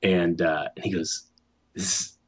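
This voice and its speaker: A man, an animator, telling a story in casual conversation, acting out the other people's lines with quick restarts. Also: deep voice, breathy edge. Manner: animated, acts out quoted voices, restarts often. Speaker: animator guest.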